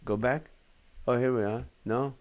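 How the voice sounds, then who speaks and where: A man's voice: mid-range voice, steady tone, unhurried, darkish tone. A man in his forties, a comedian hosting a casual live stream, reading viewer comments aloud and laughing along with their jokes. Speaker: comedian and show host.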